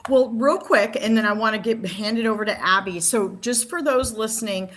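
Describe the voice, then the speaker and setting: A woman's voice: a little high, fairly quick, fairly bright tone. A woman co-hosting a radio talk show on recruiting, upbeat and patiently explaining workplace terms. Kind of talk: casual radio chat.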